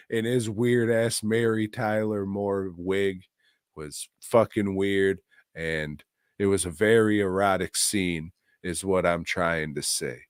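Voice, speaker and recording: Slow, dry-voiced profane podcast man. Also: medium pitch, no echo. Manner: crude, profane, mocking jokes. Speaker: podcast co-host. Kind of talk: casual movie review chat.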